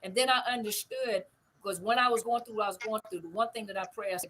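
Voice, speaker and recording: The low-quality recording carries a faint hiss or hum as this middle-aged woman, host of a narcissistic abuse recovery live stream, answers comments casually. Her voice is medium-pitched and a bit bright, and she talks fast and emphatically, repeating points and often checking that you see what she means.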